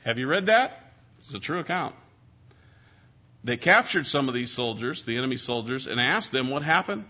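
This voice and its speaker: Bright-voiced male preacher, lo-fi recording. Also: mid-range voice, animated, moderate pace. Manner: expository, rhetorical questions, emphatic repetition. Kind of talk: sermon. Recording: dull lo-fi sermon recording.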